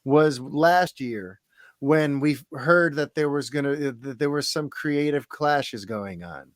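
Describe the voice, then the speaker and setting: Male host, somewhat high pitch, dry close mic, conversational with wry asides. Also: slow, no room sound. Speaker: podcast host. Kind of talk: casual chat.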